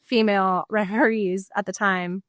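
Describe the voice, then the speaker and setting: A woman from Canada, chatting as a guest and telling animated stories. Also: medium pitch, normal speed, no room sound, studio quality. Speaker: guest, former CEO. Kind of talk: casual interview chat.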